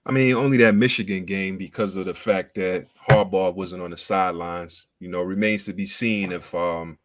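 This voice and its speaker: A man co-hosting a casual sports chat, laid-back and hesitant, often pausing on fillers as he talks. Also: sits low, steady tone, no room sound.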